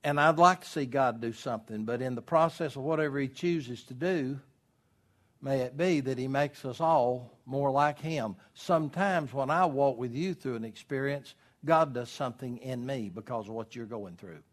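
A man preaching a sermon as pastor, animated and storytelling, acting out voices in his illustrations. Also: medium pitch, moderate pace.

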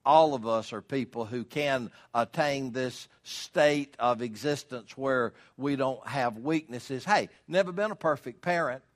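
An older man preaching a sermon as pastor, folksy and emphatic, asking rhetorical questions. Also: mid-range voice.

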